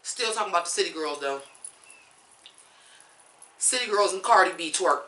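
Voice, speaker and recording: A woman's voice: on the low side, lively intonation, moderate pace, pushed and bright, echoey room. A woman reviewing songs in a blunt, profane, fired-up rant. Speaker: music reviewer. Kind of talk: ranting song review.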